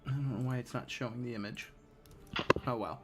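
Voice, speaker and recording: A man running a live-streamed tabletop game as game master, narrating scenes slowly and dramatically. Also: medium pitch, steady tone, heavy background noise. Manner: slow, dramatic descriptive narration.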